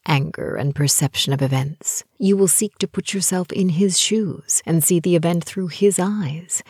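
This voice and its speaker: A woman narrating a book in a soft, gentle voice that often drops to a whisper. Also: on the low side, gravelly, husky, no echo, clean studio sound. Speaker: audiobook narrator. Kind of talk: scripted narration of a relationship book.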